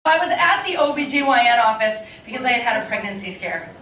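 A woman's voice: on the high side, big pitch swings, fast. A woman in her fifties doing a stand-up comedy set, brash and confessional, laughing through her punchlines. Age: 50s. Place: stage before a live audience. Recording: echoey room from far off, loud crowd.

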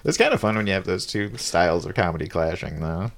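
Man, fairly low voice, podcast co-host, rambling, lots of filler words, casual chat. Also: very animated, fast talker.

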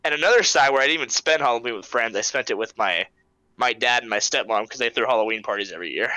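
Bright-voiced young man chatting casually. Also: mid-range voice, fast, dry recording, poor audio. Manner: laid-back, swears often, laughs a lot. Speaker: podcast host. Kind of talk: casual chat.

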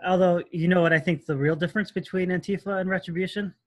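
A man's voice: high-pitched, fairly even intonation, fast talker. A man co-hosting a wrestling podcast, trading wry jokes in casual chat. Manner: wry, joking asides. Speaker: podcast co-host.

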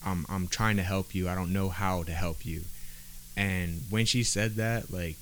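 A man's voice: low voice, steady tone, measured pace, fairly bright tone, a little hiss or hum. A man on a podcast, telling a personal story in casual street slang, with lots of "bro" and "like" fillers. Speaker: podcast guest.

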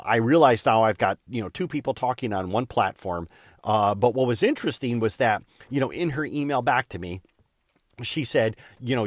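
A man's voice: medium pitch, no room sound, studio quality. Candid rambling man telling a story. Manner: rambling, frequent fillers and "da, da, da" asides; candid, self-deprecating. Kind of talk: casual storytelling monologue.

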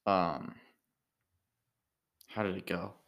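A tired man, an amateur comedian, rambling in a halting casual monologue full of restarts. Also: low-pitched, creaky, a bit bright.

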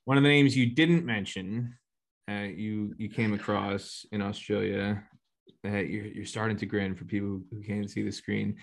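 A man's voice: on the low side, fairly even intonation, normal speed, gravelly. A man hosting an interview, asking questions in a playful, teasing way and reading a press clipping aloud. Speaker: interviewer host. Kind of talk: conversational interview.

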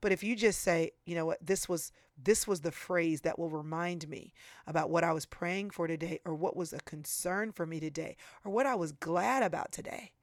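A woman in her forties, speaking as an author and guest in an interview on faith and prayer, talking in an earnest, animated, preacherly way. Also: lowish voice, moderate pace, no echo, studio quality. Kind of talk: faith-based conversational interview.

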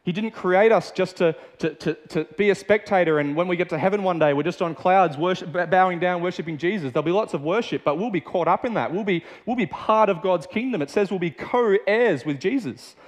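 A man's voice: sits high, fairly quick, hardly any pauses. Chatty Australian man preaching in a reverberant hall. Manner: casual and chatty, with many fillers and restarts. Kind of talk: sermon.

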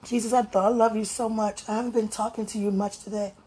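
A woman's voice: mid-range voice, level tone, fast, warm tone, slight background noise. A woman speaking tenderly to her viewers in an emotional spiritual monologue, as if talking with God.

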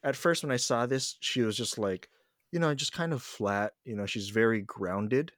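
A man co-hosting a casual podcast chat, animated, often acting out quoted lines. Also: mid-range voice, moderate pace, no room sound, studio quality. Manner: animated, acts out quotes in voices. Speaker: podcast co-host.

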